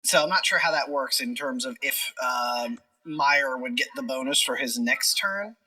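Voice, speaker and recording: Bright-voiced player explaining tactics. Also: mid-range voice, normal speed, recorded from a distance, poor audio. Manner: thinks aloud, explains tactics at length. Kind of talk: tabletop role-play chat.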